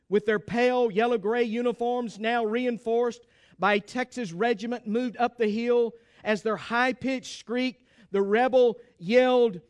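Male preacher, high resonant voice, dramatic sermon storyteller. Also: smooth. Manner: dramatic, calls for congregation response.

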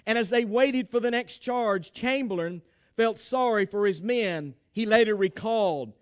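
Preacher guy telling a war story, really high smooth voice, gets the crowd to answer. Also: measured pace. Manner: dramatic, calls for congregation response. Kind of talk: sermon storytelling.

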